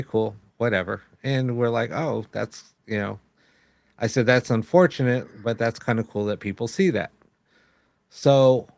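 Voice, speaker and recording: A man chatting as a show host, telling a story in a loose, rambling way, full of "um"s and retold dialogue. His voice sits at an ordinary middle pitch and sounds dry and close, with no room echo. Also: darkish tone. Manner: rambling, with many fillers and quoted dialogue. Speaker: host of a live paranormal show. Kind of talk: casual storytelling chat.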